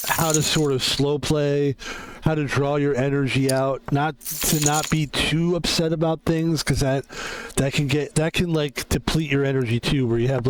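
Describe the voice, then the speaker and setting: A man's voice: on the high side, slight background noise, rough recording. A man streaming a game and chatting casually, rambling and profane with lots of filler words. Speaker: streamer and security guard.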